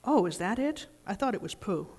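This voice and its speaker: A woman's voice: medium pitch, big pitch swings, brisk, a little mellow, slightly rough. A woman voicing a pompous, long-winded old male owl who speaks stately and severely in a storybook reading. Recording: reverberant church hall.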